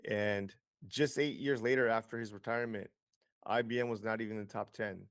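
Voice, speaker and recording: A man's voice: lowish voice, fairly even intonation, brisk, dry recording, clean studio sound. A man as an interview guest, explaining investing with lots of figures, fillers and restarts. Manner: explanatory, data-heavy, frequent fillers and restarts.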